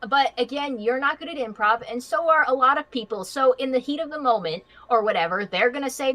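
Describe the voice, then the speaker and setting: Woman guest in a heated debate, blunt and foul-mouthed, voice very high and bright. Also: a little fast, few pauses. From western and southern US. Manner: blunt, argumentative, swears freely.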